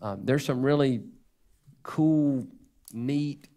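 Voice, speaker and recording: A man's voice: mid-range voice, drawn-out words, warm tone. A man giving an unscripted report to a school board, earnest and hesitant, often restarting his sentences.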